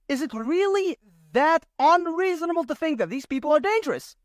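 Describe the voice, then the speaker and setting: High, lively, indignant podcast ranter. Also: a little fast, few pauses, no room sound, clean studio sound. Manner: indignant, full of rhetorical questions; sarcastic mockery. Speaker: podcast host. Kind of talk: solo political commentary monologue.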